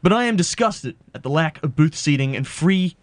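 A man's voice: a little high, lively intonation, normal speed, no echo. An Australian man co-hosting a radio show, ranting in a playful, mock-indignant way. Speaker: radio co-host. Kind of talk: casual radio banter.

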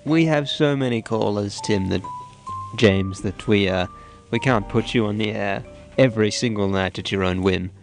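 A man hosting a comedy radio show, rambling in a mock-earnest, deadpan way. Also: fairly low pitch, normal speed, creaky, soft background music. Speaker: radio host.

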